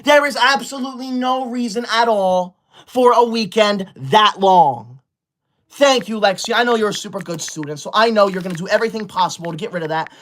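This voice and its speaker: A man's voice: sits high, brisk, a bit bright. A man in his twenties playing a pompous, bossy young male livestreamer who scolds his chat while reading super chats, as a comedy character. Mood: haughty. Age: 20s.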